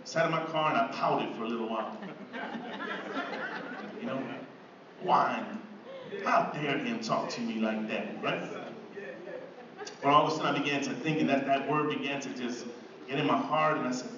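A man preaches a sermon testimony in a church sanctuary, telling his own story conversationally and building to fervent praise. His medium-pitched voice moves at normal speed with long pauses, recorded from afar in an echoey hall, muffled and with background noise.

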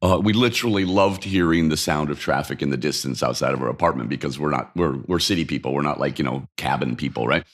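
Very deep-voiced opinionated Danish-born man. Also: quick pace, few pauses. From Denmark. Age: 50s. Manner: opinionated, animated, with rhetorical questions and laughs. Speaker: interview guest, urban mobility expert. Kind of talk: casual conversational interview. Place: apartment by a busy street.

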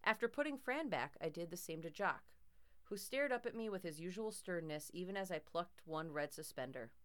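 A woman's voice: lowish voice, lively intonation, normal speed, clear, resonant tone. A woman narrating a first-person horror story in a tense, dramatic way.

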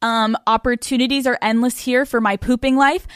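A woman's voice: on the high side, steady tone, moderate pace, clear, resonant tone, dry recording, clean studio sound. A woman hosting a podcast alone from a hotel room, talking in a brash, profane, playful way into a microphone set on a bed. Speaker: podcast host. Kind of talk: casual solo podcast monologue.

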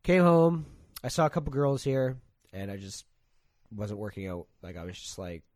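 A man's voice: lowish voice, big pitch swings, normal speed, darkish tone, dry recording. Young Canadian man, casual chatty storyteller, swears freely, dry close-mic sound. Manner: rambling storytelling, lots of swearing and "like". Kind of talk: casual chat.

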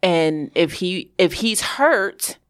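A woman's voice: on the low side, expressive, slow pace, dry recording, clean studio sound. A woman co-hosting a podcast in casual chat, frank and joking as she tells stories. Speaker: podcast co-host.

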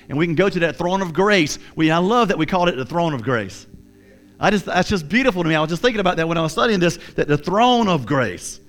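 A man's voice: high voice, a bit bright. A man preaching a sermon, earnest and repetitive, often voicing the thoughts of a guilty listener. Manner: earnest, repetitive, acts out inner voices. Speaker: pastor.

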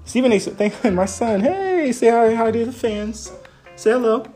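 A young man talks straight into his phone, swinging his pitch high and low as he fires off disbelieving questions. Faint music plays behind him. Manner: animated, incredulous, rapid-fire rhetorical questions. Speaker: sports fan vlogger. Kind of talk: casual phone-camera rant.

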